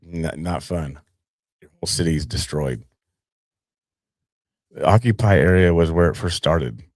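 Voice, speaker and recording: A man's voice: sits low, a little slow, a little mellow, no echo. A man casually commenting on footage during a live stream, rambling and restarting his sentences.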